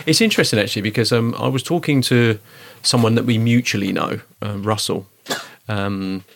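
Middle-aged guy, gravelly low voice, rambling chatty stories full of asides. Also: normal speed, slight background noise. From East End of London. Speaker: guest. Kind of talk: casual conversational storytelling.

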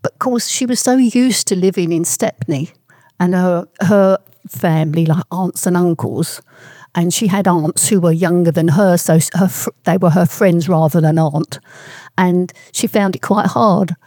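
An older woman recalling her East End childhood in a rambling, halting way. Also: fairly low pitch, dark tone, no echo, clean studio sound. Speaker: interviewee. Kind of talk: oral history reminiscence.

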